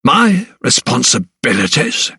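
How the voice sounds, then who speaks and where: A man's voice: medium pitch, wildly swooping pitch, vocal fry, pushed and bright, breathy edge, no room sound, studio quality, recorded from a distance, full character voice. A man voicing a sneering, ruthless old lawyer. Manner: slow, scornful, mocking. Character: sneering, ruthless male lawyer, older gentleman.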